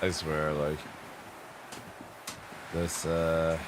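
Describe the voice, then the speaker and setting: A man's voice: very deep voice, completely flat delivery, extremely slow, noisy background. A man streaming live gameplay commentary, ranting, swearing a lot and laughing at the game's flaws. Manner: frustrated, swearing constantly, breaks into laughter.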